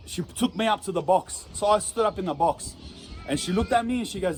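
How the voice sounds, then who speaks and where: A man's voice: high-pitched, expressive, brisk, slight background noise. A man with an Australian accent telling a rambling, profane story in casual slang and laughing at himself. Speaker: storyteller in an interview clip.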